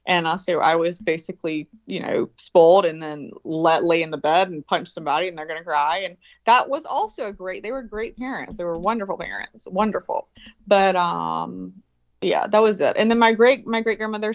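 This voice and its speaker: A woman, telling a story in a casual chat, animated and swearing freely, acting out quoted voices. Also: on the low side, no room sound. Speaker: guest. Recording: dull lo-fi call audio.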